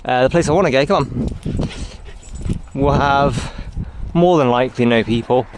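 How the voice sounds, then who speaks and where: A man's voice: medium pitch, moderate pace. Man, casual rambling vlog, talks to his dog, handheld camera, outdoors, noisy background. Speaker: vlogger. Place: outdoors on a roadside walk. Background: outdoor noise, dog.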